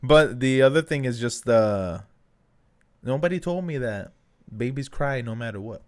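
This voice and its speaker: A man co-hosting a podcast as a new father, talking in a casual, halting way, with plenty of fillers, a few Spanish words, and his own past thoughts acted out. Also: medium pitch, lively intonation, darkish tone. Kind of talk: casual chat.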